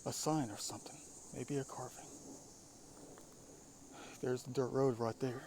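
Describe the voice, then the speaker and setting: A man's voice: mid-range voice, fairly even intonation, unhurried, a little mellow. Guy vlogging in the woods, mumbly half whisper, crickets and faint hiss behind. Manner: musing, often drops to a whisper. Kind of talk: casual outdoor vlog narration. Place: outdoors in woods. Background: insects and crickets.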